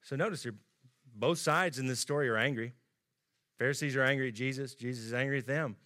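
Bright-voiced male preacher. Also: medium pitch, a little fast. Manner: conversational, acts out quoted lines with rising emphasis. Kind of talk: sermon.

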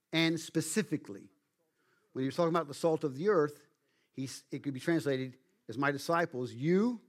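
A man preaching a sermon as pastor, speaking emphatically and slowing down to stress key words. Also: medium pitch.

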